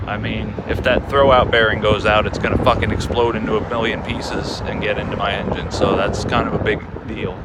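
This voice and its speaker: A man with a lowish voice talks easily to his camera, loose and rambling, with the odd curse thrown in. He is outside, and wind gusts rumble across the microphone. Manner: laid-back, rambling, swears casually. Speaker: motorcycle travel vlogger. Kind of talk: casual vlog talk to camera. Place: outdoors on the road. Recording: wind noise on an outdoor mic.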